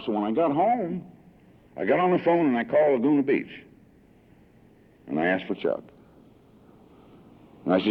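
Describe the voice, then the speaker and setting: Gravelly-voiced man in his sixties. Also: fairly low pitch. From Southern California. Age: 60s. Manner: emotional, heartfelt storytelling with sudden swells. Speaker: recovery meeting speaker. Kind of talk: personal testimony talk. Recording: tinny lo-fi 1982 archive tape.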